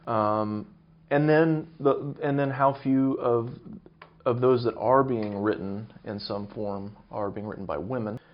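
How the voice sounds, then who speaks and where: A man speaking as an interview guest, measured and academic, thinking aloud as he explains. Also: medium pitch. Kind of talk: conversational interview. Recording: dull lo-fi recording.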